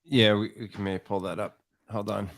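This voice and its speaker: Halting man in casual panel talk. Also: fairly low pitch, level tone, no echo. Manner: halting, repeats words while thinking.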